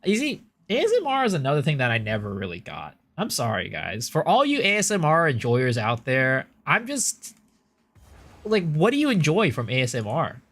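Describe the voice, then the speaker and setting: A man's voice: fairly high pitch, wildly swooping pitch, normal speed, fairly bright tone. A man live-streaming a game, rambling casually to his chat with lots of profanity and filler words. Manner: chats to viewers in the stream chat.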